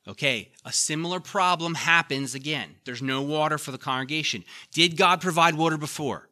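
A man's voice: fairly high pitch, moderate pace, few pauses, sharp tone. A male pastor preaching a conversational sermon, reading scripture aloud with emphasis and putting questions to the congregation.

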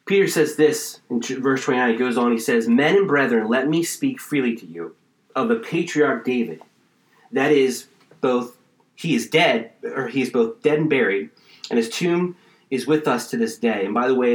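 A man's voice: medium pitch, animated, normal speed, roomy sound. A man preaching a sermon, reading scripture aloud and explaining it with growing fervor. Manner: expository preaching, reads scripture then explains, builds to fervor. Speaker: pastor.

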